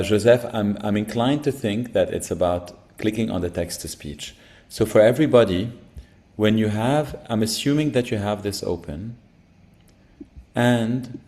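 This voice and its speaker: A man's voice: fairly low pitch, dark tone. A man co-hosting an online workshop, upbeat and jokey as he guides participants from a computer mic. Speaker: workshop co-host.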